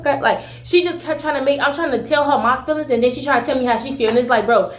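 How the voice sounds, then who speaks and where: A woman's voice: high-pitched, quick pace, few pauses. A young woman ranting in a heated, profane way about a fight, acting out both sides of the argument. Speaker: streamer telling a story in a clip. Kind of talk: heated rant. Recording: echoey room with faint noise.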